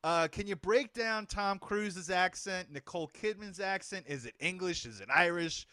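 A man's voice: sits high, moderate pace, sharp tone, no echo, studio quality. A man hosting a casual movie podcast, upbeat and often laughing, stretching words out for emphasis. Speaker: podcast host.

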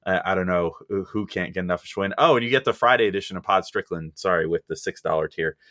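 A man's voice: deep voice, fast, a bit bright, no room sound, clean studio sound. A man hosting a casual podcast, rambling and joking, laughing easily as he moves between topics. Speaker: podcast host.

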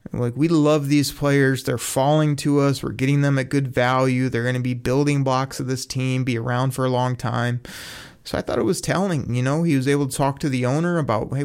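A man's voice: medium pitch, smooth. A man giving an enthusiastic, casual recap of football draft picks, often quoting others and laughing. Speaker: sports commentator.

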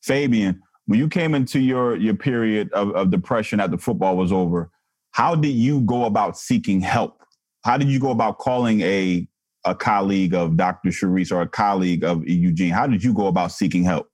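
A man hosting a podcast panel, calmly steering the talk and asking guests how they sought help. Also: on the low side, normal speed, no room sound. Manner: calm, affirming, lots of listening sounds. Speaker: podcast host and moderator. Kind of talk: interview moderation.

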